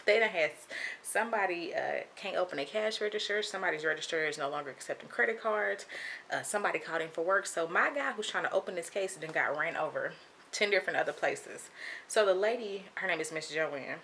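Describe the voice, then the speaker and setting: A young woman telling a casual storytime, animated and chatty, acting out what people said. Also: on the low side, fairly quick, gravelly, slight background noise. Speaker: vlogger.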